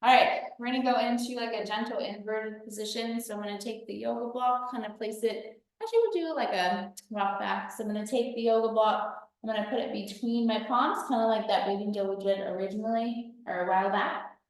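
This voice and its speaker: A woman's voice: fairly high pitch, a little fast, few pauses. Woman, fitness coach, cueing breaths, slightly out of breath, distant mic, very echoey. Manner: cueing breaths while demonstrating moves. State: a little out of breath. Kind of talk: workout instruction.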